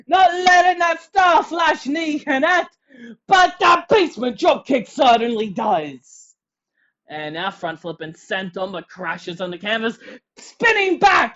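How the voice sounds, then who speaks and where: A wrestling commentator calling a match play-by-play, excitable and shouting on the big moves. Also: medium pitch, measured pace, highs cut off.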